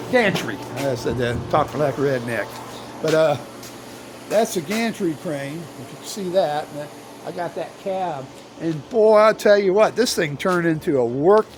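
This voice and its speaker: An older retired man talks in a folksy, meandering way, full of fillers and restarts, as he stands by a truck he is working on. His voice sits a little high for a man. A loud air-conditioning hum and vehicle noise run under the recording. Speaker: retired vlogger. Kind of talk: casual rambling chat. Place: workshop or yard beside an old truck.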